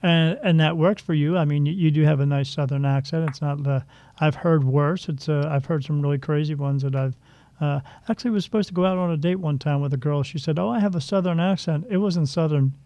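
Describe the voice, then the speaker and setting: A man's voice: fairly high pitch, fairly quick, mellow, dry recording. A man hosting a spiritual podcast, chatting casually in a rambling, jokey way with plenty of filler words. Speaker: podcast host. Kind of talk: casual chat. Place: Delaware.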